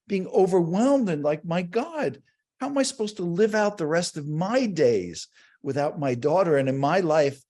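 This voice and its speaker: An older man speaks at a conference with earnest, reflective warmth. His voice sits a little higher than most men's, and he slows down and drops low for the quiet, tender points. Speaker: speaker on grief and self-care. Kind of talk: conference talk.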